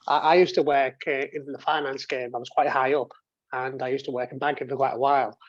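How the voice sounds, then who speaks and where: A man's voice: mid-range voice, flat delivery, fairly quick, no room sound. Chatty man, dull dry call audio. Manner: rambling, with frequent restarts and swearing. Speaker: interview guest. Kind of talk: casual storytelling. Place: home office and games room.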